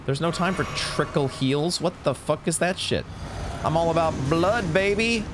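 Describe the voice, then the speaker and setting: A man's voice: a little high, moderate pace, noisy background, pitched above the performer's own voice, natural voice. A man voicing his reckless, blood-hungry summoned warrior ally in a video game. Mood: gung-ho. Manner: brash, eager.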